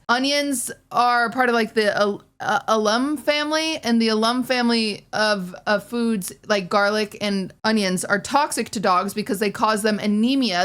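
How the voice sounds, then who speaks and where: A young woman casually telling a frustrating personal story, talking fast and exasperated, swearing and acting out what others said. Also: mid-range voice, fairly bright tone.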